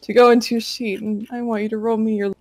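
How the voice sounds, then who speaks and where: A woman's voice: on the high side, level tone, fast, a little mellow, no echo, soft background music. Woman running a pirate tabletop game, gross vivid descriptions, dry close mic. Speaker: game master.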